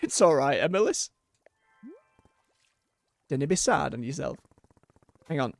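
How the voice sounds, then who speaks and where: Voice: mid-range voice, animated, a little fast, no echo, faint music behind, lightly acted. A streamer reading the lines of a patient, matter-of-fact tea-shop keeper in a near-natural voice.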